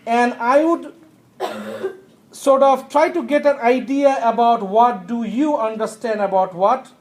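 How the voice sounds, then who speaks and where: A man's voice: very high-pitched, slow, distant mic. A man giving an economics lecture. He repeats the key points, checks that everyone follows, and coughs now and then. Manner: occasional coughs. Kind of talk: recorded classroom lecture. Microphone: tablet screencast recording. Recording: roomy echo, voice away from mic.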